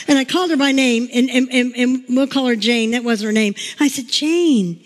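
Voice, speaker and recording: Speaking a little fast with few pauses, her voice sitting high, a woman pastor tells stories and laughs through a chatty, emotional, informal sermon. A large room gives it long reverb.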